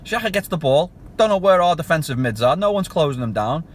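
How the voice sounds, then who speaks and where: A man's voice: fairly high pitch, animated, fairly quick, slight background noise. A man giving a passionate, ranting fan review of a match in clipped, punchy phrases. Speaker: football fan channel host.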